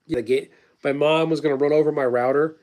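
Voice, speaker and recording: His voice a little high and a little mellow, a man in his thirties talks fast in a steady tone on his casual livestream. He answers chat messages and rambles through stories and blunt opinions laced with profanity.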